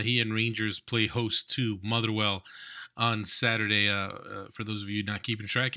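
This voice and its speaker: Fast-talking rambling male sports host. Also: fairly low pitch, sharp tone. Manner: rambling, repeats words as he restarts. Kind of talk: sports talk show interview.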